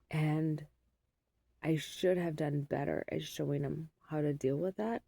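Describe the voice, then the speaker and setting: A woman's voice: low voice, fairly even intonation, a little slow, gravelly, dark tone, no echo. A sleep-deprived middle-aged mother rambling through a casual vlog in a weary, unguarded way. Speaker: mother vlogging.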